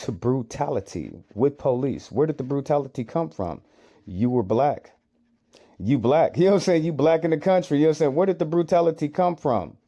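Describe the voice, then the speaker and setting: A man's voice: mid-range voice, warm tone. An American man giving reaction commentary on clips, arguing with rhetorical questions and repeated phrases.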